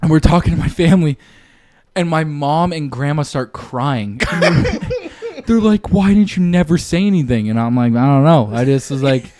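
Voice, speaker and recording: A man's voice: fairly high pitch, very animated, a little slow, a little mellow. Slangy young man rambling through a story. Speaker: podcast co-host. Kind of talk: casual chat.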